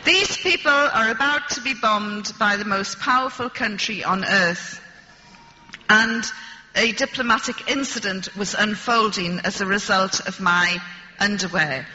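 Slow, wry woman telling a story. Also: medium pitch, pushed and bright, long reverb tail, muffled recording, slight background noise. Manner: dry, wry humor, deliberate. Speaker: speaker addressing an audience. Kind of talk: storytelling talk.

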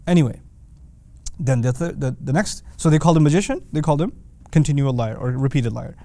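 A man lecturing on the Quran's wording who asks lively rhetorical questions and slips into Arabic recitation. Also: medium pitch, fairly quick, no echo. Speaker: Quran teacher.

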